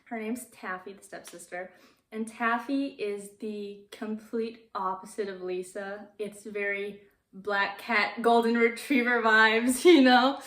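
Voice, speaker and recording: A young woman casually retelling a movie plot, chatty and laughing often, dropping to a hush when she quotes characters. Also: mid-range voice, steady tone, slow, echoey room. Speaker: movie recap vlogger.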